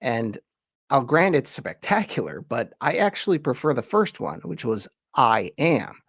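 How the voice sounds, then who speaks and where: A man's voice: mid-range voice, creaky, slightly rough, no echo. Man teaching in a dry, close voice. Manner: reads quoted verses slowly with emphasis; relaxed, chatty explaining with asides. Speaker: host and teacher. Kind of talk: conversational lesson.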